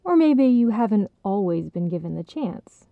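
A woman reading a story gives a kindly, impish old man sage a gentle, patient voice, heard over a tinny phone-like sound. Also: mid-range voice, sing-song, moderate pace, gravelly, no room sound.

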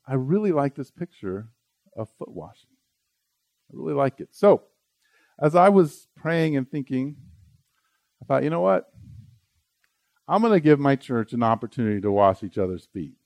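A man's voice: mid-range voice, sing-song, normal speed, gravelly, long pauses, a little mellow, no room sound. Earnest man preaching, dry close sound. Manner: earnest, conversational preaching with many restarts. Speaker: pastor. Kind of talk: sermon. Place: church sanctuary during a service.

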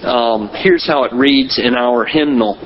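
Man, pastor, sermon, slow measured delivery, emphatic pauses, faint background noise. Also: medium pitch, dull audio.

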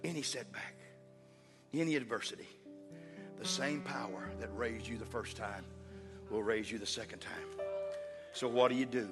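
A pastor preaching a sermon in a church, with a rhythmic, repetitive cadence and call-outs to the congregation. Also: male voice, mid-range voice, big pitch swings, normal speed, pauses often, bright, forceful tone. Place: church sanctuary. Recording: long hall reverb with instrumental music. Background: instrument playing under the sermon.

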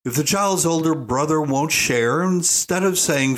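A man's voice: on the high side, animated, measured pace, hardly any pauses, a bit bright. An older man giving an opinionated monologue as a parenting commentator, folksy and emphatic, calling listeners "folks". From United States.

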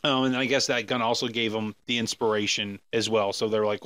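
A man's voice: mid-range voice, fairly even intonation, fairly quick, few pauses, a bit bright, no room sound. Rambling, jokey podcast man. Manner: rambling, jokey, full of fillers and restarts. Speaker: podcast co-host. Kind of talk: casual movie discussion.

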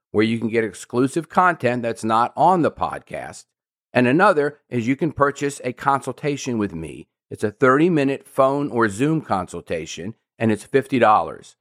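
A man hosting a podcast, giving calm, repetitive step-by-step puppy training instructions. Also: mid-range voice.

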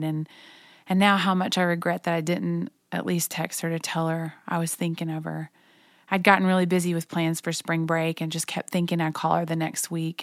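A woman narrating a personal story in a quiet, gentle, reflective way. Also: on the low side, no echo, studio quality. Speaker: narrator reading her own memoir.

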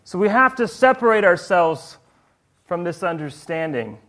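High-voiced animated male preacher. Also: normal speed. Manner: animated, rhetorical questions to the audience. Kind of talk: sermon.

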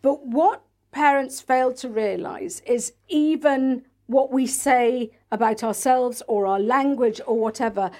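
A woman's voice: a little high, a little slow, a little mellow. A woman talking casually in an interview, acting out quoted voices of parents and children. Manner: chatty, acts out quoted voices of parents and kids. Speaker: guest, NLP practitioner and author.

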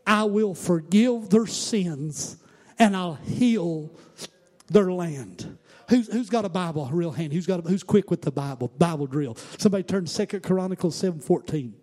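Pastor, high-pitched man; sermon that swings between hushed asides and loud, chanting outbursts. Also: moderate pace. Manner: swings from quiet asides to shouted, sing-song preaching.

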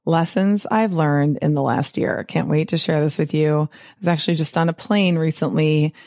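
A middle-aged woman hosting her own podcast, talking in a chatty, upbeat way with quick asides and frequent laughs. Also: low voice, steady tone, a little mellow, no echo, clean studio sound. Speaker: podcast host, physician and weight-loss coach. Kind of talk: casual solo podcast talk.

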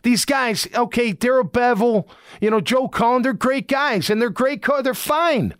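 A man's voice: very high voice, measured pace, a bit bright, clean tone, no room sound, clean studio sound. A middle-aged man and former football player hosting a casual sports talk podcast, talking in an emphatic, rambling, fired-up way.

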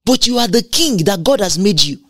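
A woman's voice: medium pitch, big pitch swings, brisk, no room sound. A woman preaching a sermon, emphatic and repetitive, asking rhetorical questions and laughing between points.

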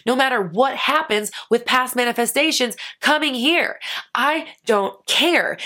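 Blunt, animated woman coach, young, bright ringing tone, acts out inner voices. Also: a little high. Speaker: manifestation coach and host. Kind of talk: casual motivational talk.

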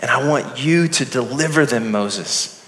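A man voicing God speaking from a burning bush, slow and commanding, in an echoey hall. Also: medium pitch, fairly bright tone, lightly acted. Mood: solemn. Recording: echoey hall with long reverb.

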